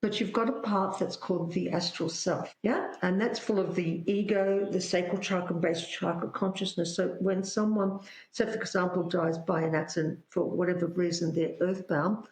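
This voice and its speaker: In a lowish voice at a moderate pace, with hardly any pauses, this Australian woman animatedly relates anecdotes in conversation as a psychic guest, voicing the dialogue. The recording is rough and the room echoey.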